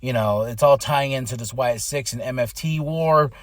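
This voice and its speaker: A man hosting a podcast, recapping in an excited, animated way with hype shouts. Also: medium pitch, moderate pace, no echo, studio quality. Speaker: podcast host. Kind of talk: casual wrestling recap.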